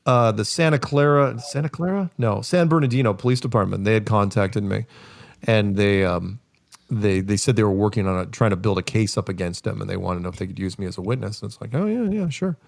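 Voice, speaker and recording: A man, a podcast guest, telling casual, rambling stories with lots of fillers and self-corrections, delivered with wry, deadpan humor. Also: lowish voice, quick pace, vocal fry, no echo. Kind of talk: casual storytelling.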